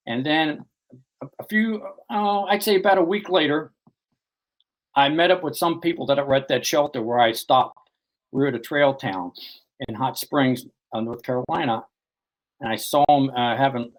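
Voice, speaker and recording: A man in an interview tells a long personal story. He rambles as he goes, with a steady stream of "you know" and sentences that restart midway. He is the author guest recounting what happened to him. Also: fairly high pitch, normal speed, low-quality recording.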